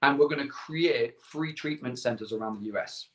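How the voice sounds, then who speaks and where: A man's voice: medium pitch, normal speed. Middle-aged guy rambling through stories, acts out the other voices, echoey room. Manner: animated anecdotes with quoted dialogue, repeats words. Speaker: guest. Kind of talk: casual storytelling interview.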